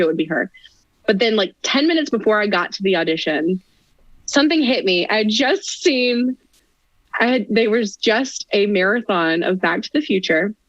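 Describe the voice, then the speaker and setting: A woman guest on a podcast interview, telling stories in an animated, chatty way. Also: medium pitch, no room sound, highs cut off. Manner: animated, chatty, frequent laughter. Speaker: guest performer. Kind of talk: casual interview storytelling.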